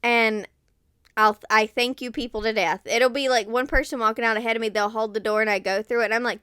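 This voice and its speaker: A woman co-hosting a podcast in casual chat, animated and acting out her own quoted lines in a higher voice. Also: fairly quick, clear, resonant tone, no echo, clean studio sound. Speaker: podcast co-host.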